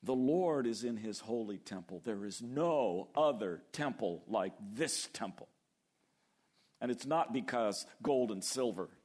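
A man preaching a sermon, animated, acting out biblical voices and slowing down to stress key words. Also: mid-range voice, breathy edge. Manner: animated, acts out biblical voices, slows for emphasis. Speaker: pastor.

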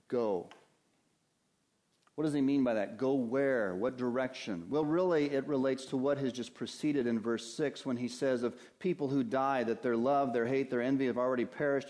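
A man preaching a sermon at a church service as its pastor, earnest, lifting his voice on key phrases and sinking low at the ends of thoughts. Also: darkish tone.

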